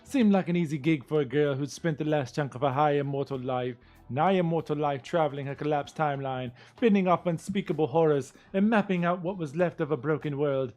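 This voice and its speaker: A man's voice: fairly high pitch, fairly quick, hardly any pauses, darkish tone, faint music behind, natural voice. A man voicing a tough, sardonic woman monster hunter in a put-on Cockney British accent, reading game lore aloud in character. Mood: wry.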